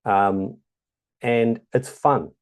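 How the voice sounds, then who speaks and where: Speaking very slowly in a medium-pitched, darkish voice, a New Zealand tutorial host chats casually through a screen-share lesson and fills it with ums.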